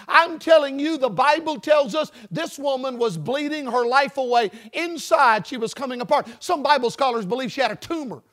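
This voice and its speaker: A male preacher delivering a folksy sermon to a congregation, mixing jokes and stories with rising, shouted emphasis. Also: very high voice. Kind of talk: sermon with storytelling. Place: church building before a congregation.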